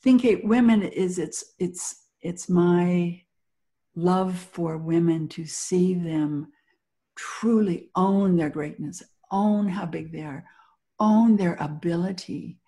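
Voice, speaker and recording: A woman's voice: lowish voice, slow pace, mellow. A middle-aged woman speaking as a guest in an interview, giving motivational talk and acting out little quoted scenes as she tells stories. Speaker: guest, business founder.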